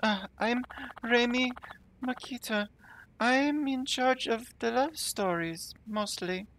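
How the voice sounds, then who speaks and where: A woman's voice: on the high side, slow pace, a bit bright, a little hiss or hum, rough recording. A woman voicing a shy young female romance writer in a fan game dub, speaking hesitantly. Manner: hesitant, slightly embarrassed.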